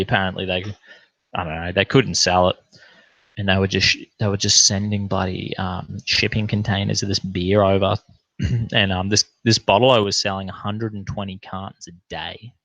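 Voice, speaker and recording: Gravelly Australian bloke rambling on a stream. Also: male voice, sits low, a bit bright, dry recording, highs cut off. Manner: swearing, slangy, rambling anecdotes with acted-out quotes. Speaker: livestream host reading chat comments. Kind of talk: casual livestream chat and storytelling.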